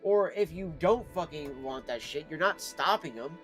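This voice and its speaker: Man, casual stream rant, profane and exasperated, fairly high voice, faint music behind. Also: animated, normal speed.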